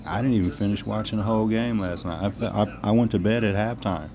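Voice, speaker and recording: A man's voice: lowish voice, fast, crowd noise. A man hosting a casual podcast, talking in a laid-back, rambling way with casual swearing while he walks his dog through an apartment lobby. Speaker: podcast host. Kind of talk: casual solo podcast chat. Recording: noisy background.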